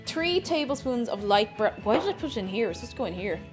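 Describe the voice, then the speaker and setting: A woman's voice: fairly high pitch, big pitch swings, fast talker, soft background music. A young Irish woman chatting casually while she bakes on a live stream, rambling and talking to herself as she measures things out. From Ireland.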